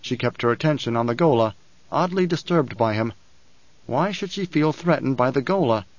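A medium-pitched male narrator reads a novel from a script, telling the story in an unhurried, even manner. The audiobook recording lacks any room sound and feels dry and a bit dull.

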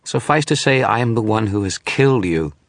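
A man's voice: lowish voice, animated, moderate pace, no echo, studio quality, pitched above the performer's own voice. A man voicing a shadowy phantasm sent by a sorcerer, scornful and supremely confident, in an audiobook reading. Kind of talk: audiobook character voice.

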